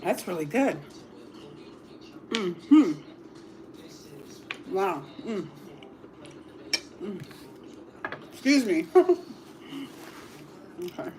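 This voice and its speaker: A middle-aged woman talks slowly and easily to her livestream viewers between bites of dinner. She laughs often and lets out little murmurs as she tastes, into a phone mic on the table. Faint clinks of dishes sit in the background. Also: medium pitch, very animated, warm tone, a little hiss or hum. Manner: chatty, laughs often, murmurs while tasting food. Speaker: livestream cooking host. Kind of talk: casual livestream chat while eating. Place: home dining table.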